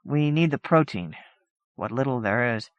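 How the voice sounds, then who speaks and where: A woman voicing a calm, watchful male angel in a storybook reading, speaking low, clipped and steady. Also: moderate pace, no echo, muffled recording.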